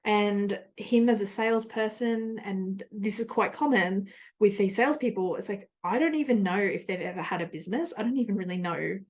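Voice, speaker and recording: A woman's voice: mid-range voice, moderate pace. A woman hosting a podcast, talking candidly and chattily in a casual solo monologue, with plenty of fillers and asides. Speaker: podcast host.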